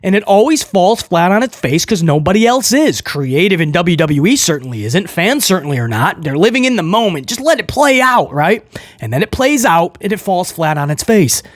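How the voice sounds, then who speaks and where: A man's voice: high-pitched, big pitch swings, normal speed, no room sound, studio quality. A man reviewing a wrestling show, ranting with frustration in an emphatic, opinionated way.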